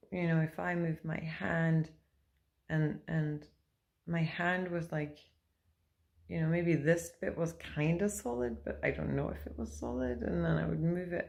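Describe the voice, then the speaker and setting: A woman's voice: on the low side, creaky, a little mellow. A woman vlogger telling a personal story to camera in a rambling, hesitant way, full of fillers and restarts.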